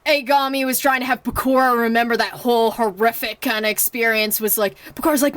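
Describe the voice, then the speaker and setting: Reviewing a movie in a loose, rambling way, this chatty young woman uses many fillers and restarts and performs her reactions along the way. Her voice is slightly high, a bit bright, clear and resonant, with fairly even intonation, and she talks briskly with few pauses. The sound is close-miked and dry, with no echo.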